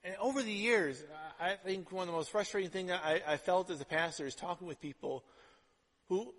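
A male pastor preaching a sermon in a conversational way, dropping to hushed asides and rising to loud emphatic lines. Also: sits high, fairly quick. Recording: long hall reverb.

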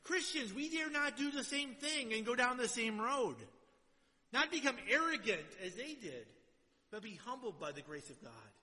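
High, bright-voiced preacher in a reverberant hall. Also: male voice, sing-song, normal speed. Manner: swings between loud exhortation and quiet, low asides. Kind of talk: sermon with scripture reading.

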